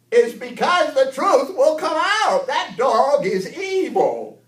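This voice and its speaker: A man putting on a shrill, insistent, suspicious voice. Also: very animated, slow, a bit bright, exaggerated voice. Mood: alarmed. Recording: roomy, distant mic with ambience.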